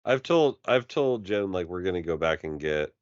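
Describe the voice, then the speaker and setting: Man, very low voice, smooth and resonant, joking, dry dull recording. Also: lively intonation, no echo. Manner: joking wordplay, drawn-out delivery. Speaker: podcast co-host. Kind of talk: casual chat.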